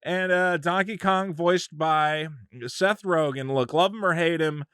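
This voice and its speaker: A man's voice: on the high side, a little slow, clean tone, no echo, clean studio sound. A man giving an opinionated, casual movie review with frequent restarts. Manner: animated, opinionated, restarts a lot.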